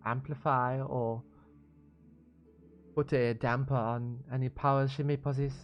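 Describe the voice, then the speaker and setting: A man's voice: mid-range voice, level tone, lo-fi sound, natural voice. A man voicing a poised woman tech mogul with a put-on French accent, speaking formally in a tabletop role-play. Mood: composed. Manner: formal, courteous, measured.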